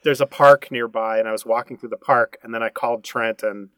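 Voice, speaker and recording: A man's voice: medium pitch, steady tone, a little fast, fairly bright tone, no room sound. A man speaking as a guest in a casual podcast interview, recounting events in an easygoing way.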